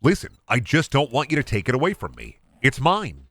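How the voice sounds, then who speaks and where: Young man, streamer, lively swooping pitch, bright voice, rambling profane jokes. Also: brisk, dry recording. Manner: rambling, joking, profane rants. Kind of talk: casual livestream chat.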